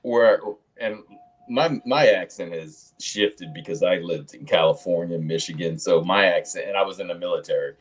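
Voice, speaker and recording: A man with a fairly deep voice talks through his ideas at length. He muses thoughtfully and lets his explanations run on. The setting is a relaxed, casual conversation. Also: normal speed. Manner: thoughtful, musing, long explanations. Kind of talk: casual chat.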